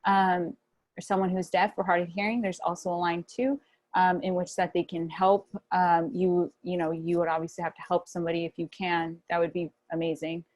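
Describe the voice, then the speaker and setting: A woman's voice: fairly low pitch, level tone, fairly quick, darkish tone, no echo. A woman speaking as a guest on a video call, talking loosely and encouragingly with many fillers. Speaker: guest speaker on mental health. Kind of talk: casual video call talk.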